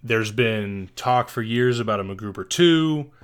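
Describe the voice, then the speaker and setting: A man's voice: on the low side, animated, a little slow, clean tone. A man co-hosting a podcast, giving casual, rambling movie recommendations and correcting himself as he goes. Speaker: podcast co-host.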